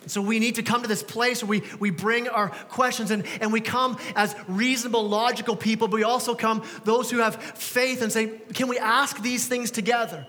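High-voiced pastor in a reverberant church. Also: male voice, level tone, fairly quick, hardly any pauses, pushed and bright. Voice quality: conversational, self-deprecating humor. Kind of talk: sermon. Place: church sanctuary.

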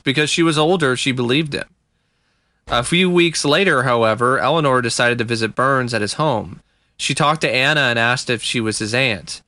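A man's voice: medium pitch, bright, forceful tone, dry recording. A man co-hosting a casual true-crime podcast, recounting a case in a laid-back way with fillers and chuckles. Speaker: podcast co-host.

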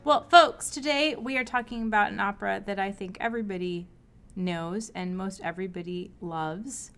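A woman's voice: mid-range voice, normal speed, a bit bright, faint music behind. An American woman hosting a casual podcast chat, blunt and swearing freely as she mocks pretension. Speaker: podcast host.

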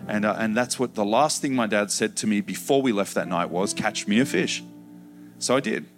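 Preacher, male, low voice, emotional testimony storytelling, soft music under it. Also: moderate pace. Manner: emotional storytelling, acts out shouted childhood quotes. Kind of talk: personal testimony sermon.

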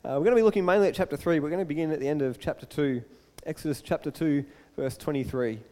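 A man preaching a sermon as a pastor, telling the story in a lively way and acting out the scenes. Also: on the high side, quick pace, in a large hall. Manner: animated storytelling, acts out the scene.

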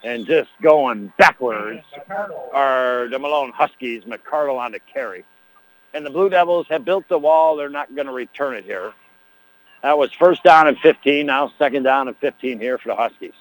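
A man as play-by-play announcer on a high school football radio broadcast, chatty and chuckling, who also reads the sponsor spots. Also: moderate pace, dry recording, poor audio.

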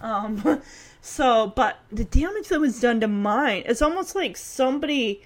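A woman with a high, bright-sounding voice talks through a TV episode in a relaxed, chatty way. She retells scenes with animation, acting out the characters' lines, and her talk is full of fillers and restarts. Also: unhurried. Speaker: reaction video host. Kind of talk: casual commentary on a TV episode.

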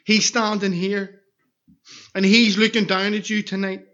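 A man's voice: high-pitched, level tone, unhurried, fairly bright tone, muffled recording. A man preaching an evangelistic sermon in a church, earnestly pleading with repeated questions.

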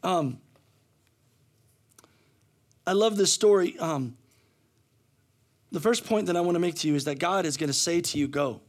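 A man pastor preaching a sermon, with many repetitions and restarts, moving from soft, low talk to loud shouting. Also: normal speed, long pauses.

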